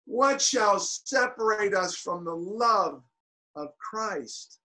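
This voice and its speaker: High-voiced, slow-paced preacher man. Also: lively intonation, low-quality recording. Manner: builds to shouted peaks, then drops quiet; halting restarts and fillers. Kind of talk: sermon.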